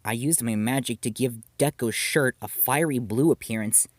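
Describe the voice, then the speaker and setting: A man voicing a theatrical teenage girl who acts as a dark wizard, speaking in grandiose declarations. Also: medium pitch, normal speed, no echo, lightly acted.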